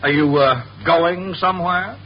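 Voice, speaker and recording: A man's voice: a little high, measured pace, dull audio. A man playing a stuffy, suspicious school official in a 1950s radio sitcom. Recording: old radio broadcast with hiss.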